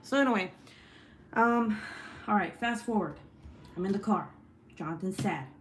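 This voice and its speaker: A young adult woman and mother, chatting casually while crafting at home, telling a story with lots of swearing and lively voice shifts. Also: medium pitch, normal speed, echoey room, slight background noise. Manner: profane, animated storytelling. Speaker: vlogger, mom.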